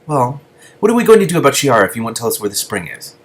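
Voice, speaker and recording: A man's voice: mid-range voice, very animated, quick pace, slight background noise, pitched above the performer's own voice, close to an everyday voice. A man voicing an earnest young man who apologizes and pleads a lot.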